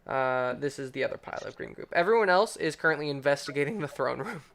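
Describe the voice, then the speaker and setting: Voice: medium pitch, expressive, quick pace, gravelly, a bit bright. A game master narrating a tabletop game casually, laughing often between filler words.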